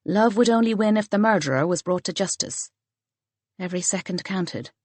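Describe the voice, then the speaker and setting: A woman narrating a mystery novel audiobook in an expressive storytelling manner. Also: medium pitch, moderate pace, no room sound. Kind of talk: scripted narration.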